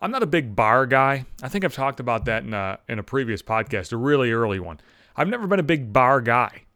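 A man hosting his own podcast, telling rambling comedic stories, profane and animated. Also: mid-range voice, fairly quick, no room sound, clean studio sound. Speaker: podcast host. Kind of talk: comedic storytelling monologue.

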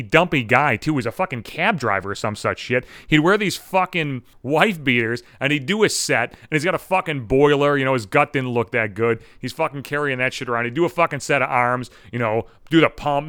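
A man's voice: medium pitch, a bit bright, clean tone, no echo, studio quality. A man hosting a podcast, delivering a sarcastic, heavily profane comedic rant. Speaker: podcast host.

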